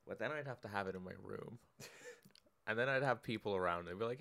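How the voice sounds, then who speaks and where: Young dude on a podcast, lowish voice, slow rambly stories, lots of um and like. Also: male voice, fairly bright tone. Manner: slow, rambling storytelling with fillers. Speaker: podcast co-host. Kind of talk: casual banter.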